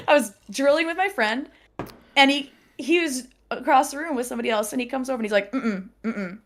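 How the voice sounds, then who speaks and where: Woman guest, slightly high voice, lively storyteller who laughs a lot and acts out quotes. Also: a little fast, a little hiss or hum. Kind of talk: casual storytelling chat.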